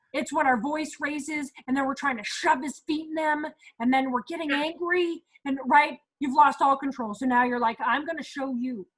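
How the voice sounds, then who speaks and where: A woman's voice: high-pitched, rough recording. A woman in her thirties leading a casual parenting talk, chatty and acting out little quotes as she goes. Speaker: parenting group leader.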